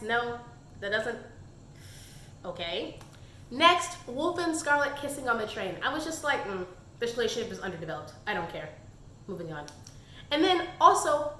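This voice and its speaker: A chatty young woman in a book review vlog, with a high, bright voice. She talks in an animated way, tossing off quick character impressions between her own comments, and the sound is echoey, as if she is in a bare room. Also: slight background noise.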